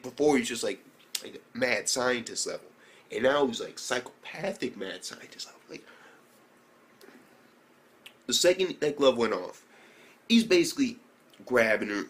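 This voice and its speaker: A young man talks through an anime episode in a loose, swearing, excitable rush. His voice sits at an ordinary middle pitch, and he keeps breaking into mock impressions of the characters. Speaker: anime reviewer. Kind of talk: casual profane recap.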